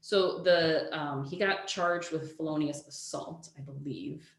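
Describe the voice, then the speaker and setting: Low-voiced woman telling a story, echoey room. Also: unhurried. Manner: animated, swears freely, says "like" a lot. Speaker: podcast co-host telling a true-crime story. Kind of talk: casual storytelling chat.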